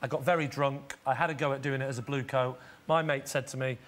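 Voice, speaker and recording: A man's voice: medium pitch, steady tone, quick pace, fairly bright tone. A man guest telling a wry anecdote.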